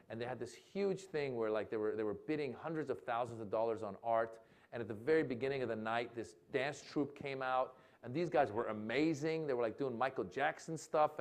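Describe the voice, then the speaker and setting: A male comedian telling a long anecdote at a live talk event, acting out voices and shouting for laughs. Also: medium pitch. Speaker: comedian guest. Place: lecture event with audience.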